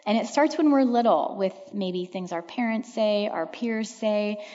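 A woman counselor talks to a church audience with earnest, reflective warmth and emphatic repetition. Her voice carries a long echo from a large hall. The recording is dull and lo-fi. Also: medium pitch, lively intonation, a little slow. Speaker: counselor answering audience questions. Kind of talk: church talk Q&A answer. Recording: echoey hall, dull lo-fi sound.

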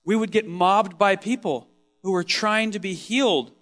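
A preacher delivering a first-person dramatic sermon monologue, telling the story with strong emotion and moving between loud exclamations and hushed tones. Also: male voice, sits high, moderate pace, faint music behind.

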